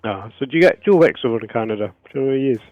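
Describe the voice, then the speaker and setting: A man's voice: mid-range voice, lively intonation, rapid-fire, no echo, phone-quality sound, soft background music. Chatty British man joking with friends. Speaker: player. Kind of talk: casual chat at a tabletop game.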